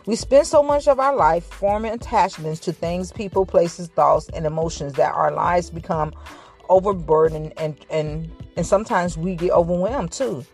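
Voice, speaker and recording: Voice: mid-range voice, normal speed, a little mellow, faint music behind. A vlogger giving a casual, reflective motivational talk to viewers, rambling with frequent restarts and a slight stutter. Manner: says they stuttered in school.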